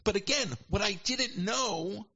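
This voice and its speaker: A man casually telling a long story as a podcast guest, animated and quick to quote people in put-on voices. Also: high voice, vocal fry, highs cut off. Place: at home.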